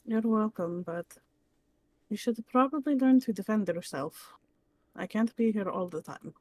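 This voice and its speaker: A woman voicing a calm adult woman who gives a child measured, gently stern advice. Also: mid-range voice, no room sound. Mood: advising.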